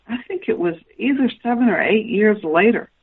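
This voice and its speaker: A woman's voice: mid-range voice, lively intonation, moderate pace, breathy edge, narrow, tinny audio. A woman guest author telling anecdotes in a radio interview and acting out the dialogue she quotes. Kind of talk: storytelling interview.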